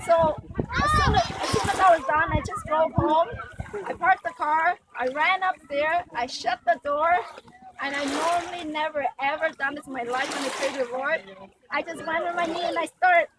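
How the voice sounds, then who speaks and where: A woman's voice: high-pitched, normal speed. A woman telling her faith story in an earnest, emotional way, full of fillers, recorded outdoors by a river. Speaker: person being baptized giving testimony. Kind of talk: emotional personal testimony. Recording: distant mic with loud outdoor noise.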